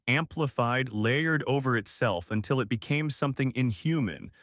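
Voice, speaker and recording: A man reading a first-person horror story aloud as scripted narration, with a measured storytelling delivery. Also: mid-range voice, fairly bright tone, dry recording, studio quality.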